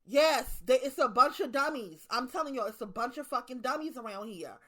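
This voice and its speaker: A woman's voice: high-pitched, lively intonation, a little fast, pushed and bright. A woman in her thirties with a Baltimore accent, talking bluntly and profanely to her viewers in a casual monologue, hammering her points with repetition. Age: 30s. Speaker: online commentator.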